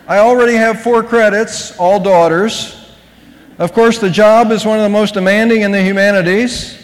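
A man's voice: high voice, fairly even intonation, moderate pace, big-room sound, lightly acted, low-quality recording. A man voicing a proud mother who gives her job a grand, mock-formal title, in a raised, emphatic voice.

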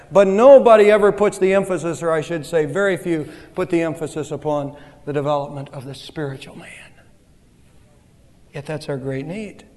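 A man's voice: high-pitched, darkish tone, in a large hall. A man pastor giving a sermon in a conversational, self-deprecating way.

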